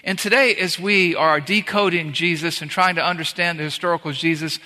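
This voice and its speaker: Pastor, male, earnest emphatic preacher, bright tone, echoing church hall. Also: a little high, steady tone, a little fast. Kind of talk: sermon. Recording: reverberant hall.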